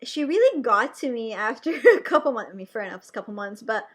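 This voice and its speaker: A young adult woman, a nurse, telling a personal story to camera in a chatty, animated way with lots of fillers. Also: fairly high pitch, fast talker, slightly rough.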